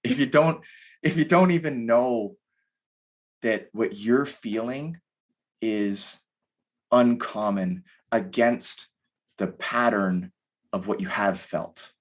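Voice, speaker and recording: A man's voice: fairly low pitch, slow, pauses often. A man in his thirties, a podcast guest talking candidly in a rambling way, full of fillers. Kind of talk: casual conversation.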